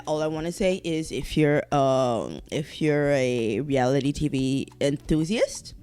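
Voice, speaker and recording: A low-voiced woman hosts her own podcast, rambling casually on her own. She speaks candidly, swears freely, trails off and restarts her sentences.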